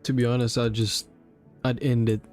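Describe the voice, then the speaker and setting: Mellow-voiced man reacting to a game. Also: medium pitch, flat delivery, moderate pace, faint music behind. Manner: emotional, slangy, reacting aloud. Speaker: gamer. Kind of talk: casual gameplay commentary.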